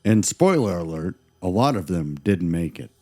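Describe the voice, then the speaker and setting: A man's voice: deep voice, big pitch swings, moderate pace, dark tone. A man co-hosting a paranormal podcast, telling eerie stories with dramatic, teasing delivery. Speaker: podcast co-host. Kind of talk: scripted paranormal podcast chat.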